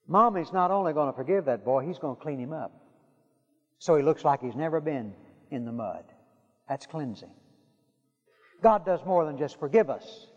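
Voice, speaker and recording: A man preaching a sermon, telling stories with dramatic pauses and dropping to a hush for emphasis. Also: fairly high pitch, lively intonation. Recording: dull sound with long hall reverb.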